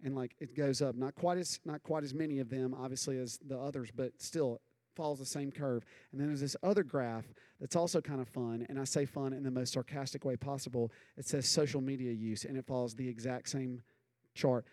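A man's voice: medium pitch, steady tone, brisk, mellow, no echo. A young adult man preaching a casual, earnest sermon to young people, often checking in with "okay?" and "right?". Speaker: youth pastor.

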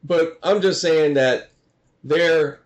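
A man's voice: a little high, slow. A man in casual chat, rambling and searching for words, full of fillers. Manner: rambling, many "you know" fillers, laughs often.

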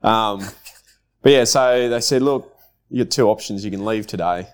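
A man's voice: on the low side, normal speed. A man, a guest on a podcast, telling his story in a laid-back way and laughing as he goes. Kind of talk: casual chat.

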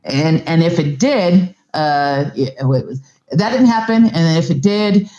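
A woman's voice: low-pitched, unhurried, mellow, lo-fi sound. A woman guest on a podcast, talking casually and bluntly, swearing freely and stammering through restarts. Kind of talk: casual chat.

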